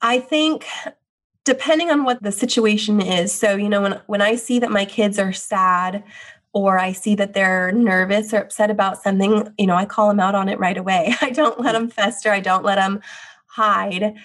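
An earnest woman, a widowed mother, talking openly about her grief as a parent. Her voice sits in a middle register. She speaks with a frank, steady candor. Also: mid-range voice, normal speed. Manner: earnest, open, repeats phrases like "the reality is". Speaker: children's book author and widowed mother. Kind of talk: heartfelt interview answers.

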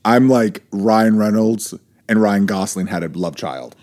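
A man's voice: on the low side, unhurried, a little mellow. A man joining a podcast as a guest, making dry jokes and laughing in casual banter.

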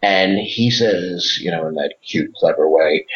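A man's voice: low-pitched, moderate pace, a bit bright. A man guesting on a podcast, telling rambling, enthusiastic stories with lots of fillers and restarts. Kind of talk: casual interview chat. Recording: dull lo-fi audio.

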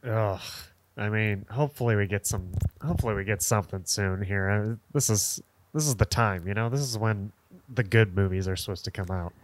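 A young man co-hosting a podcast, easygoing and quick to laugh, in casual chat. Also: lowish voice, slight background noise. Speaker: podcast co-host.

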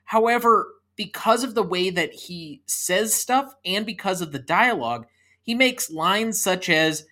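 A man's voice: high-pitched, animated, a little slow, bright, forceful tone. A man in his thirties co-hosting a casual movie podcast, chatty and leading the talk with trivia. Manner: chatty, leads the discussion with trivia. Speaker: podcast co-host.

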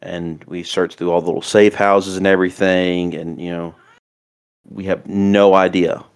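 A man narrating a tabletop role-playing game as game master, in a halting way with pauses and fillers. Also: deep voice, level tone, creaky, clear, resonant tone.

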